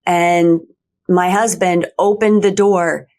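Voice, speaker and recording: Woman podcast host, slightly low voice, sincere conversational recollection. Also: steady tone, slow. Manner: soft listening murmurs, then earnest recollection.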